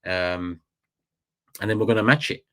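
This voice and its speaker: A man with a London accent hosting a casual livestream, animated and slangy, repeating phrases for effect. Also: lowish voice, normal speed. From England. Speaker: livestream host.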